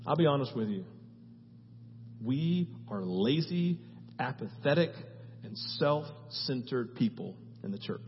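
A male pastor preaching a sermon and then praying, moving between loud, urgent exhortation and hushed, earnest prayer. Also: medium pitch, lively intonation, a little slow, a little hiss or hum. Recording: muffled sound in a reverberant hall with faint music.

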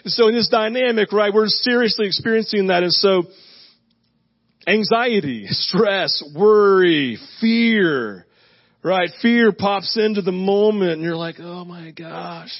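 A man's voice: high voice, unhurried, muffled recording. A male pastor giving a conversational sermon, telling a personal story with lots of asides and "right?". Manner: animated storytelling, asks "right?" often, self-deprecating asides. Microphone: handheld mic.

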